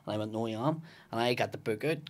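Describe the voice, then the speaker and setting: A man's voice: mid-range voice, very fast. A man with a Belfast accent chats in a podcast studio. He is a comedian telling stories, and he curses constantly. He acts out every line of dialogue in his tales. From West Belfast, Northern Ireland. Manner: swearing, animated storyteller acting out dialogue. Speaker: comedian guest. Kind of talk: casual podcast chat.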